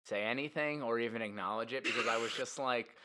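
A man's voice: mid-range voice, fast, background noise. A man telling rambling stories in casual chat, swearing freely. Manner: rambling storyteller, swears, puts on voices for quotes. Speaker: podcast guest.

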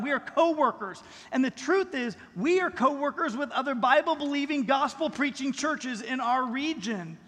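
A man's voice: very high voice, lively intonation, moderate pace, hardly any pauses, sharp tone. A middle-aged man preaching a sermon as pastor, in a conversational style that leans on rhetorical questions. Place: church sanctuary. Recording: long reverb in a large hall.

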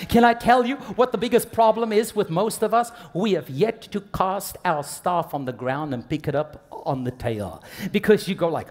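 A man preaching a sermon, moving between soft hushed asides and loud impassioned passages, talking straight to the congregation. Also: a little high, expressive, normal speed. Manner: talks to the congregation directly with call-and-response prompts. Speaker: pastor.

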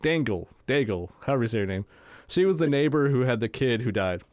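A man's voice: mid-range voice, lively intonation, fast, a little mellow, smooth, dry recording. A man co-hosting a podcast in casual chat, laughing often between his remarks. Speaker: podcast co-host.

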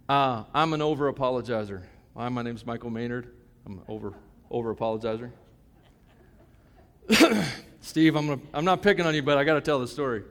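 Pastor, man in his fifties, slightly high voice, casual and joking, then emphatic; long hall reverb. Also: a bit bright. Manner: conversational, joking, emphatic preaching. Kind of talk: sermon.

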